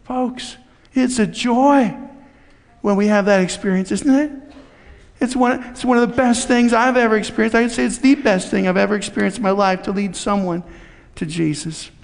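A man's voice: high-pitched, fairly even intonation, moderate pace, creaky. A man preaching a sermon in a church, telling a story in a conversational, folksy way and acting out the dialogue. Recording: long hall reverb.

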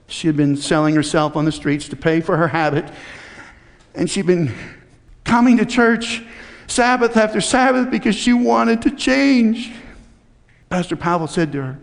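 A man with a high voice preaches in a church, and his words ring out with a long hall reverb. He tells a story conversationally, with folksy asides to the congregation. He acts out each character's lines as he goes. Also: creaky. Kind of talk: sermon with storytelling.

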